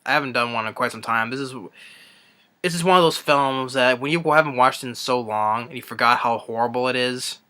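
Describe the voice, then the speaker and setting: A young man ranting through a movie review, exasperated and halting, with many restarts and trailing sighs. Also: medium pitch, bright, forceful tone, smooth.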